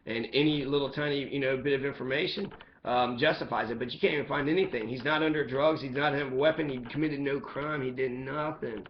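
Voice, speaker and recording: A man's voice: mid-range voice, fairly even intonation, brisk, few pauses, muffled recording, slight background noise. A man giving an angry, profane monologue as a commentator, heated and ranting throughout.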